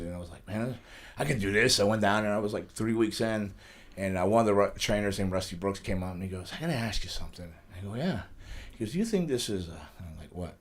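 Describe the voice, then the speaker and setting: Fast-talking middle-aged man telling stories. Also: sits low, a bit bright. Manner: fast, rambling storytelling with frequent restarts and laughs. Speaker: guest, pro wrestler. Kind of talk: casual storytelling interview. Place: studio.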